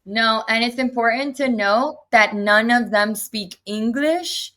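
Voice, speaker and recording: A young adult woman, an interview guest, retelling a personal story in an animated way and acting out what others said. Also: a little high, slow pace. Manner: animated retelling with acted quotes.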